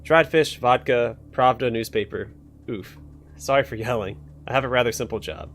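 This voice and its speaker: A man's voice: medium pitch, fairly quick, a bit bright, slightly rough. A man voicing a nervous male clerk who has verbal tics and talks in a stammering, apologetic way, in a game.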